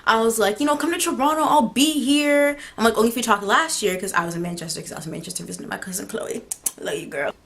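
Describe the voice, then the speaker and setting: A woman's voice: fairly high pitch, quick pace, creaky. A teenage girl telling a story on her vlog, acting out a text conversation and laughing as she goes. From United States. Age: teens. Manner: animated, laughing, acts out text exchanges. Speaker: vlogger.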